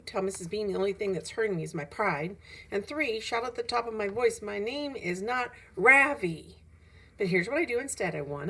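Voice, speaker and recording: A woman reading a children's novel aloud in a lively, animated storytelling manner, rising with emphasis at dramatic moments. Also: fairly low pitch, slightly rough. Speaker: audiobook reader.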